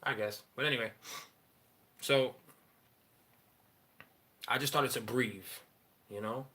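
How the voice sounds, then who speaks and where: A man in a candid personal monologue, rambling and profane, halting often with fillers as he talks about his feelings. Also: medium pitch, pushed and bright. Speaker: father sharing personal story.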